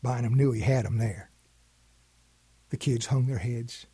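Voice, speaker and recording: Slow, husky male storyteller. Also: mid-range voice, no echo. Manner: calm, homespun storytelling. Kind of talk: storytelling narration.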